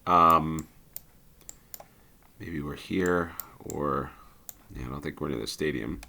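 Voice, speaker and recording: A man's voice: rumbling low, takes it slowly, gravelly, bright, forceful tone, a little hiss or hum. A man giving casual commentary on a geography game, thinking aloud and hesitating with many ums.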